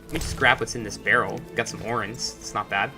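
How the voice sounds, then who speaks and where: A man's voice: fairly low pitch, fairly even intonation, a little fast, over music. A man giving casual, chatty commentary while playing a video game, with musing asides. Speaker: gameplay commentator. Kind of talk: casual let's-play commentary.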